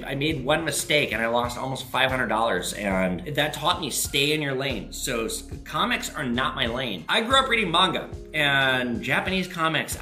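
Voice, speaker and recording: A bright, forceful male voice with a lively, swooping pitch, telling stories casually and cursing freely. The room around him rings with echo, and faint music plays under him. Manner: animated, profane, jumps to high pitch for quoted voices. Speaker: host answering viewer questions. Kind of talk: casual storytelling monologue.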